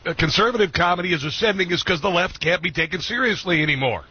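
A man's voice: high voice, quick pace, breathy edge. A man hosting a talk radio show, chatting casually, laughing often and mocking the topic. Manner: laughs a lot, excitable and mocking. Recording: slightly muffled radio audio.

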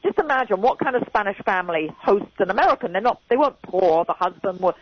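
A woman's voice: medium pitch, expressive, fast talker, breathy edge. An older woman in her sixties with an English accent, a guest in a casual radio chat who talks emphatically and repeats her key points. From England. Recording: dull radio or phone audio.

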